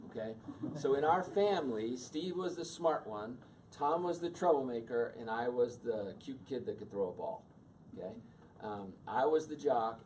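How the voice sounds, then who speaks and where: A man in his fifties, a workshop speaker telling a personal story to an audience in a conversational, animated way. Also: mid-range voice, a little hiss or hum. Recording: distant mic with faint room ambience.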